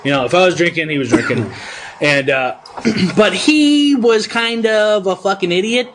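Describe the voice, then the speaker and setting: A man with a fairly high voice chats in a relaxed, laughing way on a podcast, leading into his own story. A faint hiss sits under the recording. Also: normal speed, low-quality recording. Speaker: podcast co-host. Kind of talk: casual chat.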